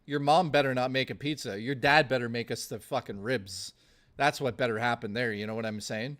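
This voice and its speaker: A man's voice: mid-range voice, fairly quick, fairly bright tone. A man streaming live, chatting casually with his viewers in a blustery, profane rant. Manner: profane, blustery ranting to chat.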